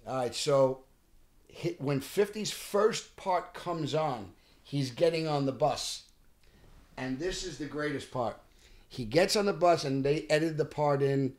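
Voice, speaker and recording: A middle-aged man, an actor telling animated stories on a podcast. He often restarts sentences and acts out what people said. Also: a little high, unhurried. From Bensonhurst, Brooklyn, New York. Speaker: actor guest. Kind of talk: casual podcast storytelling.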